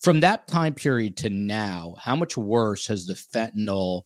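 A man's voice: fairly low pitch, animated, no echo, studio quality. A man with a New York accent hosting a podcast, talking casually with frequent hesitations. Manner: casual, halting with fillers. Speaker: podcast host. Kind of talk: podcast interview.

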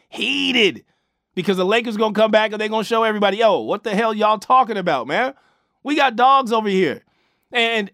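Animated high-voiced sports talk host, man. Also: no room sound, studio quality. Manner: animated and emphatic, with frequent restarts and slang. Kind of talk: casual opinionated sports talk.

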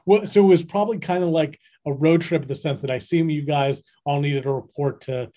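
Slightly high-voiced male interviewer. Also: fairly quick, dark tone. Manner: conversational, hedging with fillers. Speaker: interviewer, host. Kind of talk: casual interview questions.

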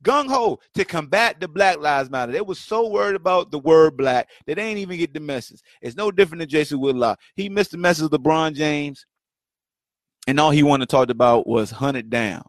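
A man's voice: a little high, lively intonation, fairly quick, dry recording. Fired-up male podcast host, dry close mic. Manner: heated, rhetorical, repetitive, mocking quoted voices. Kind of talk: impassioned solo commentary. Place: home setup, livestream.

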